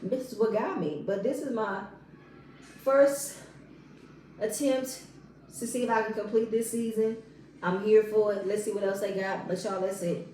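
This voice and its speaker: A woman's voice: medium pitch, moderate pace, long pauses, warm tone, roomy sound, slight background noise, low-quality recording. A woman giving a blunt, exasperated casual recap of a reality show, mocking the people in it. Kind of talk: animated casual recap commentary.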